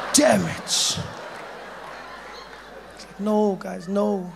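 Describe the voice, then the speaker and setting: Animated stand-up comedian, high voice. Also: male voice, a little slow, vocal fry, pauses often, some chatter behind, slight background noise. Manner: animated, acts out characters with sudden loud shouts. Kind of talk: stand-up storytelling.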